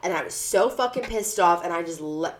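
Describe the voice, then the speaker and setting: A woman hosting a podcast, telling a story in a blunt, profane, animated way. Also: fairly low pitch, fairly quick. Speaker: podcast host. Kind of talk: casual storytelling chat.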